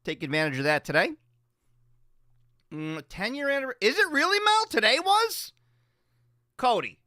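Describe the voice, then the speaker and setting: A man hosting a radio show, chatting loose and profane with a bright, lively voice that jumps around. He rambles and jokes. The studio sound is dry and close. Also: very high voice, normal speed, no room sound. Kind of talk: casual chat on a morning radio show.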